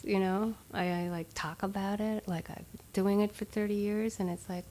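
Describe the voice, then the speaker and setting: A woman's voice: mid-range voice, moderate pace. Woman teaching meditation, conversational. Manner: conversational, with frequent fillers and soft laughs. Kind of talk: dharma talk.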